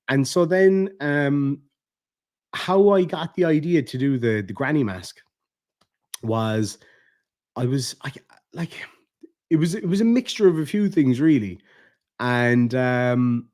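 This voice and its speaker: Chatty, swearing Irish man telling stories. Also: mid-range voice. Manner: swears freely, animated and chatty, laughs at his own stories. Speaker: comedian and online creator. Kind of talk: casual storytelling on a live stream.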